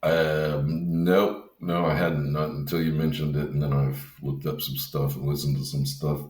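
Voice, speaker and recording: Super deep voiced dude cohosting a podcast, chill, laughs a lot, echoey room. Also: male voice, flat delivery, normal speed, a little mellow. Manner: easygoing, laughs often, swears casually. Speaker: podcast co-host. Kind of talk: casual podcast chat.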